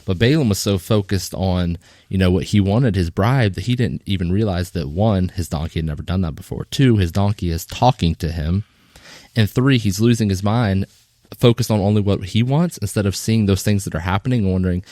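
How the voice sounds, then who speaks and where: Deep-voiced man in a dry room. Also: a little fast, warm tone, no echo. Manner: storytelling, retells Bible stories in acted quotes. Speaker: podcast co-host. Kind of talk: casual faith discussion.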